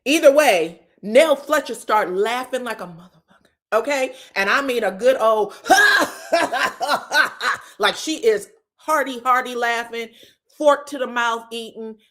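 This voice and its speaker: A woman hosting a casual reality TV recap, frank and profane, calling listeners baby and girl. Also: fairly high pitch. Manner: animated, breaks into stutters and outbursts. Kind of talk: casual gossip commentary.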